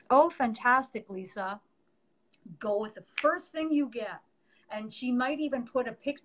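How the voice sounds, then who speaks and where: A middle-aged woman who works as a medium hosts a casual livestream, chatting about her work with lots of fillers. She teaches in a warm, chatty way, her voice on the high side. The recording is low quality.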